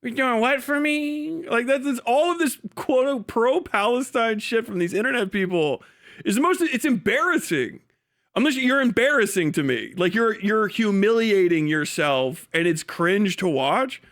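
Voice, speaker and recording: A man's voice: sits high, big pitch swings, moderate pace, a bit bright. A man hosting a livestream, ranting heatedly and profanely, mocking and breaking into laughs. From United States. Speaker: livestream host.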